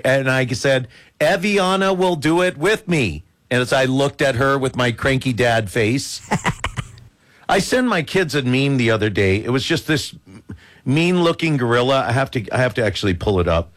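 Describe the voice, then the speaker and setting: A man's voice: medium pitch, moderate pace. A male radio host telling stories in joking banter, poking fun at himself as a dad. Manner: animated, joking, self-mocking dad humor.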